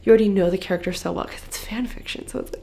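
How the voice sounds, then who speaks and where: Chatty tired young woman with a gravelly edge. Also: medium pitch, very fast, dark tone, slight background noise. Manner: chatty, frequent "like" fillers. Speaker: book vlogger. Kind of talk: casual vlog chat. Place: bedroom.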